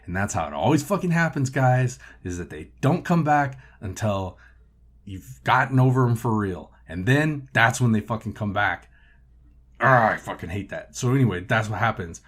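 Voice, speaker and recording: A man hosting a podcast, casually recapping a film with profane, animated storytelling. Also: mid-range voice, normal speed. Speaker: podcast host.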